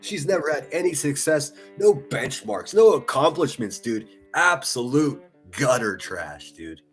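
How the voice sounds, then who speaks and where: Medium-pitched and slightly rough, this man speaks a little slowly but very animatedly, with faint music behind him. His live-stream commentary is profane and taunting, full of mocking laughter.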